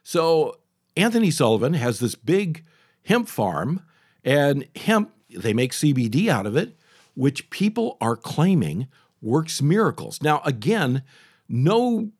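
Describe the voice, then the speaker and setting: A man's voice: on the high side, slow pace, husky, no room sound. An older male talk show host, in his sixties, spins a rambling personal story. His voice rises and falls a lot as he talks, with plenty of restarts. The sound is close and dry. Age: 60s. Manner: chatty, animated, frequent restarts and asides. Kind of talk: casual storytelling monologue.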